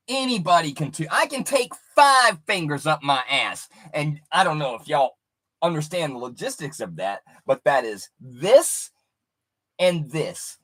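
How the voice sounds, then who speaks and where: A man telling a vulgar story in a crude, animated way, showing moves with his hands. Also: on the high side. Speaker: streamer.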